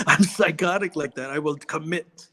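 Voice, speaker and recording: A Filipino American comedian in his fifties chatting on an interview show. His voice sits fairly high for a man, and he talks in an animated way, often breaking into laughter at his own lines. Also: background noise. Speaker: comedian guest. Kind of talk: casual interview chat.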